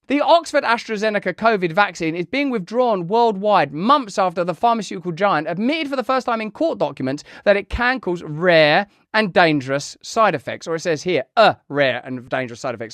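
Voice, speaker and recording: A man's voice: sits high, lively intonation, normal speed, fairly bright tone, no room sound, clean studio sound. A British man hosting an online show, delivering news commentary to a live chat in a sarcastic, mocking way and hammering points home through repetition. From United Kingdom.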